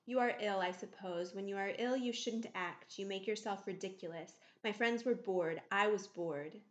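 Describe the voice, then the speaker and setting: A woman's voice: mid-range voice, normal speed, roomy sound, lightly acted. A woman reading aloud, voicing a distraught, petulant young man with raised, emotional delivery. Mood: cold, scornful. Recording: slightly muffled recording.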